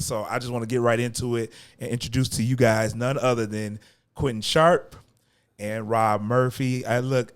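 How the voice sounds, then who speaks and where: A man's voice: mid-range voice, clean tone. A man hosting a laid-back talk show. He hypes up his guests in slangy, upbeat speech with a mid-range voice. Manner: hyped, slangy, encouraging. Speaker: podcast host.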